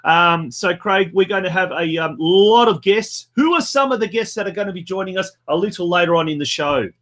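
A man's voice: high-pitched, animated, a little fast, a bit bright. A man hosting a football show in a chatty manner, full of fillers and restarts. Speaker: host.

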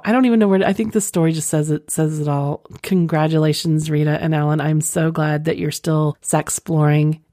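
Low, mellow-voiced woman podcast host. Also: gravelly, no room sound, clean studio sound. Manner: playful, chatty, rambling asides. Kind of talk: reading a listener letter aloud, then casual chat.

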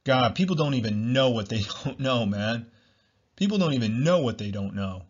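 A man's voice: medium pitch, lively intonation, moderate pace, lo-fi sound. A man hosting a solo podcast, talking bluntly, repeating himself and swearing freely. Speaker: podcast host.

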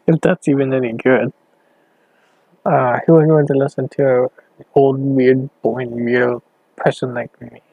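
A man hosting a casual late-night solo podcast, rambling and halting as he thinks aloud while clicking around on his computer. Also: mid-range voice, steady tone, creaky, a little mellow, slightly rough, no room sound, poor audio. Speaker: podcast host.

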